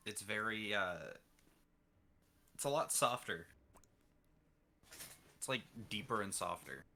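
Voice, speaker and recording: A man player chatting before a tabletop session, calm, soft-spoken and a little hesitant. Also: fairly low pitch, takes it slowly. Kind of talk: casual chat.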